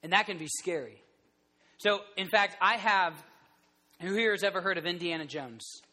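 A man in his thirties gives a sermon in a lively storytelling manner, often restarting his sentences. His voice sits high for a man and sounds bright. The sound rings with a long hall reverb. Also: moderate pace. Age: 30s. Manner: animated storytelling, rambling restarts. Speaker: preacher. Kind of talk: sermon to a group.

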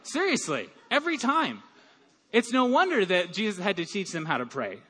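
Animated male pastor preaching. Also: high voice, moderate pace, breathy edge. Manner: animated, acts out quoted voices. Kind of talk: sermon.

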